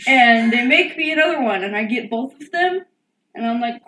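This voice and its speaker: A young woman co-hosting a podcast, telling an animated story in casual chat and acting out the quotes. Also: fairly high pitch, moderate pace. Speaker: podcast co-host. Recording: echoey room, distant mic, faint hiss.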